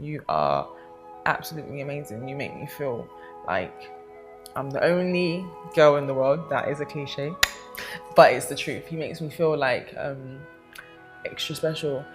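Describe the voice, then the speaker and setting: A woman's voice: deep voice, lively intonation, unhurried, soft background music. A young woman talking casually to camera, chatty and affectionate, rambling with lots of fillers. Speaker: vlogger.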